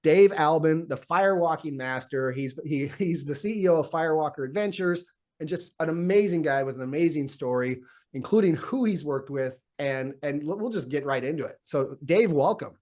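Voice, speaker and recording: A man's voice: fairly high pitch, moderate pace, darkish tone. A man hosting an interview show, introducing his guest and asking questions, with short affirming replies. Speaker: podcast host.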